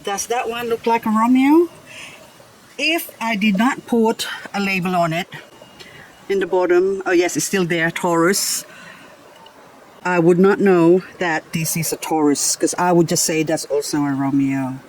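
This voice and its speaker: Outdoors in her garden, a woman who grows succulents hosts a casual show-and-tell vlog on her channel, chatting, pointing out plants one by one, and often laughing. Her fairly low, slightly mellow voice keeps a measured pace, and the low-quality recording has a little hiss or hum.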